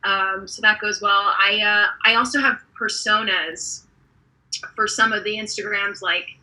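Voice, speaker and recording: Woman in her 20s doing stand-up, super bright voice, lots of ums and pauses. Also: medium pitch, steady tone, poor audio. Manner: awkward, hesitant, lots of ums. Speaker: stand-up comedian. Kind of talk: deadpan stand-up set. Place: online comedy show.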